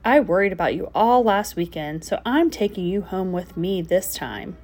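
A woman's voice: lowish voice, animated, normal speed, darkish tone. A woman voicing a patient, practical female schoolteacher in a storybook read-aloud, explaining things matter-of-factly.

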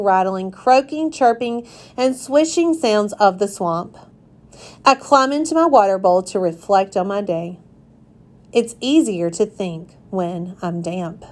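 A woman reads a children's chapter book aloud for young listeners. She takes her time, in a gentle and unhurried manner. Her pitch sits in the middle. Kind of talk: storybook read-aloud.

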